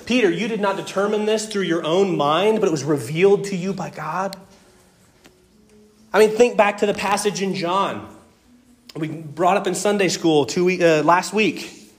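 A male pastor delivers an earnest sermon and works through scripture passage by passage. His voice sits slightly high for a man. He repeats words when he stresses a point and drops into hushed tones on tragic moments. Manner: dramatic swings between loud emphasis and hushed tones.

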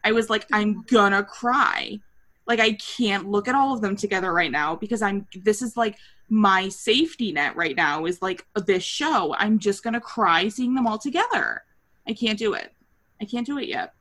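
A woman's voice: medium pitch, expressive, normal speed, fairly bright tone. A woman co-hosting a podcast in casual chat, laughing hard and swearing freely as she retells favorite scenes. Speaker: podcast co-host.

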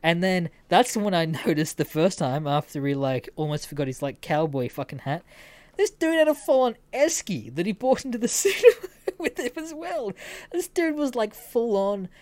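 Hosting a casual storytelling podcast, a woman swears freely and laughs as she tells her stories. Her voice sits at medium pitch with a sing-song lilt and a darkish tone, moving at a moderate pace with no echo.

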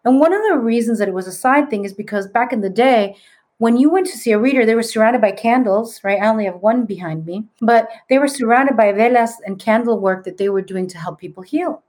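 Animated woman telling her story. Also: on the high side, brisk. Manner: animated, mixes Spanish words into English. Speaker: podcast guest, psychic medium. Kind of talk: casual storytelling.

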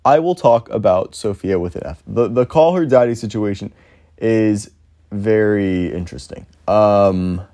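A man's voice: fairly low pitch, unhurried, warm tone. A young man talking alone on his podcast, rambling and self-deprecating, swearing freely as he thinks aloud. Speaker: podcast host. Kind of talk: casual solo podcast monologue.

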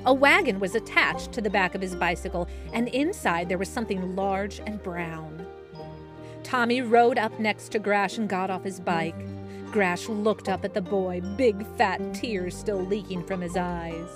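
A woman narrating a children's story in a slow, expressive manner. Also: mid-range voice. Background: soft soundtrack music.

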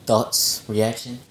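A man's voice: mid-range voice, fairly bright tone, reverberant, a little hiss or hum. A man co-hosting a casual podcast chat, teasing and pressing the others with questions. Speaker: podcast co-host.

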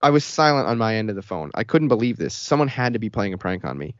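A man's voice: fairly low pitch, sing-song, quick pace, no room sound. Man, podcast co-host, reading a horror story, casual, dry close sound, lo-fi. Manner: casual, laughs between lines. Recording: dull lo-fi sound.

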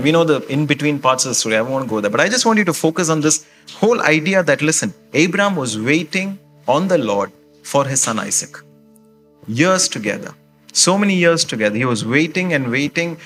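A man's voice: fairly high pitch, fairly bright tone. Conversational male pastor preaching. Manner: conversational, quizzes the congregation with frequent "okay?". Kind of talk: sermon.

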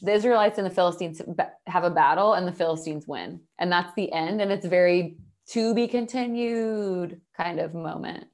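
A woman co-hosting a podcast, talking in a slightly low voice. She chats casually and retells a story, slipping into quoted lines as she goes. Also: steady tone, brisk, few pauses. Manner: chatty, recaps the story with quoted asides. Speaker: podcast co-host. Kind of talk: casual chat.

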